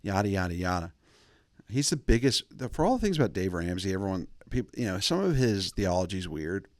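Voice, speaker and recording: Hosting his own podcast, an adult man who is a father of kids rambles through a loose comic monologue in a fairly low voice, drifting onto tangents, circling back, and laughing at his own jokes. The recording is dry and close, with no echo or room sound at all.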